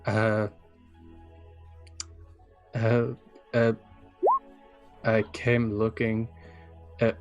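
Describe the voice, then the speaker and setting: A man playing a tabletop role-playing game, speaking hesitantly with many pauses and fillers. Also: fairly low pitch, completely flat delivery, music in the background. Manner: hesitant, lots of ums and uhs. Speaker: player. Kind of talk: tabletop role-play, in and out of character.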